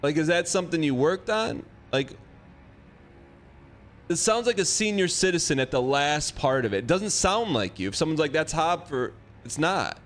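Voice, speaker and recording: A man's voice: on the high side, lively intonation, normal speed. Chatty male game streamer, faint music. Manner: rambling, joking, reading out chat. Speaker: gaming livestream host. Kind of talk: casual chat while streaming a game.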